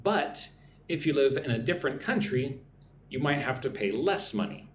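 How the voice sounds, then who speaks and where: A man's voice: mid-range voice, lively intonation, echoey room, a little hiss or hum. American man teaching English on a live stream. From United States. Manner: slow, clear teacher talk with frequent "right?" checks.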